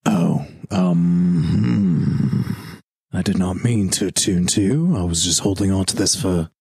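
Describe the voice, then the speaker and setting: Man, player, low husky voice, halting casual in-character talk, dry mic. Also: warm tone, dry recording. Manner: hesitant, lots of "like". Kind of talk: casual in-character role-play.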